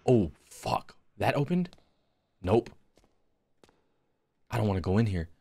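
A man's voice: on the low side, sing-song, takes it slowly, gravelly, warm tone, slightly rough. A young man streaming a horror game, jumpy and swearing a lot as he talks to his chat and to himself. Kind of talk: live horror gameplay commentary.

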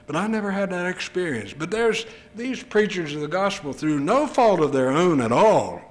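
A man's voice: high voice, expressive, moderate pace. An older male preacher delivering an earnest, emphatic sermon full of rhetorical questions. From United States.

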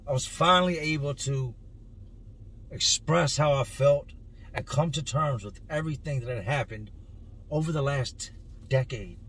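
A man's voice: mid-range voice, a bit bright, breathy edge. A man in his thirties, a vlogger, telling his own story to camera in an earnest, emotional way, stretching words for emphasis.

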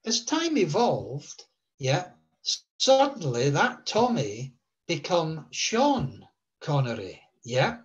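A man's voice: high-pitched, very animated, measured pace, muffled recording. A man, a guest telling a long story in a rambling way with many fillers. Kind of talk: relaxed storytelling.

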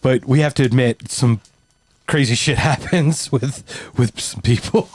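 A man's voice: medium pitch, a little slow, husky, dry recording. A man in his forties co-hosting a podcast, telling a family story in casual chat, laughing often and swearing freely. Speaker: podcast co-host.

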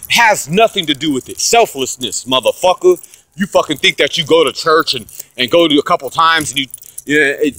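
A man ranting profanely and aggressively about God and church, swinging from loud outbursts to low muttering. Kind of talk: profane religious rant to camera.

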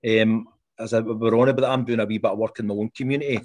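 A Scottish teacher explaining his classroom methods in an interview, animated and full of quick restarts. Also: fairly low pitch.

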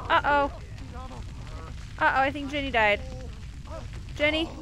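A woman's voice: high-pitched, a little slow. A young woman giving casual, playful commentary over a life-simulation game, teasing her characters with mischievous glee. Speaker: gameplay commentator. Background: game music.

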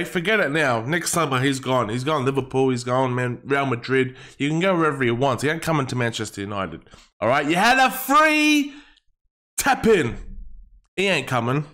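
A man's voice: sits high, fairly bright tone. A young man venting as a football fan vlogger, heated and emphatic, swearing hard and repeating himself. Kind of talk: angry fan rant to camera.

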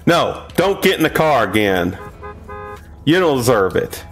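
A man's voice: sing-song, a little slow, soft background music. Exasperated, foul-mouthed gaming man. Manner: swings from low grumbling to high exasperated shouts. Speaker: gameplay commentator. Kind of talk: profane gameplay commentary.

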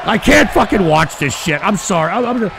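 Profane, shouting male streamer, high gravelly voice. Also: expressive, a little fast, background noise. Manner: profane, exasperated, shouting often. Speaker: live-stream host. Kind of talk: live-stream commentary rant. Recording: stream with loud music and crowd behind.

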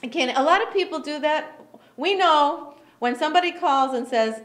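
A woman teaching an English class for job seekers, speaking slowly and clearly, encouraging and often laughing. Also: sits high, fairly bright tone. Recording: echoey classroom.

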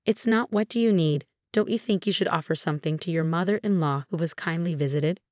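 A woman's voice: on the low side, fairly quick, no echo, clean studio sound, natural voice. A woman reading as a nagging, spiteful mother-in-law. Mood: scolding. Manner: scolding, condescending. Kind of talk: scripted storytelling.

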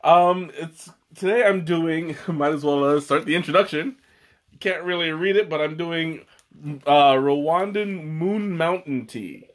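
A man hosting a casual livestream, a little hoarse from a cold, rambling with many fillers and restarts as he greets viewers. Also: on the high side, a little slow. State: slightly hoarse from a cold, coughing. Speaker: livestream host.

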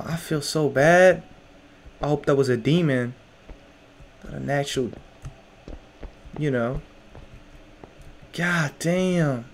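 A man's voice: a little high, darkish tone, a little hiss or hum. A young man playing a horror game, jumpy and nervous, talking to himself in casual slang. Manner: casual slang, lots of "bro". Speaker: gamer. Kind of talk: horror game let's play.

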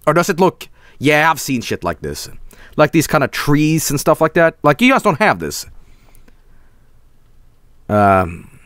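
A Swedish-accented man commenting live on a game he is streaming, swearing freely and laughing a lot. His pitch jumps all over the place, and the sound is dry and close with no room echo. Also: a little slow, long pauses. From Sweden. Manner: excitable, profane, laughs often.

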